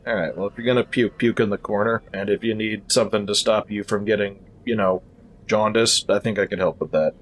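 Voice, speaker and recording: A man's voice: on the low side, fairly even intonation, brisk, close to an everyday voice. A man voicing a wary helmeted male warrior who talks in a dry, blunt way.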